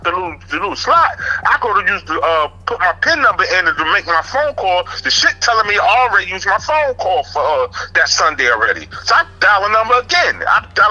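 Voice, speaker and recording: A man's voice: sits high, bright, forceful tone, low-quality recording. A man with a New York accent, casually telling a prison story and often asking "you know what I'm saying".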